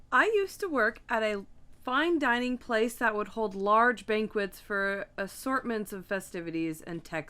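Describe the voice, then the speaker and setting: A woman co-hosting a podcast, tossing in quick quips and reading out a story in casual chat. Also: medium pitch, fairly bright tone, clean tone. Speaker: podcast co-host.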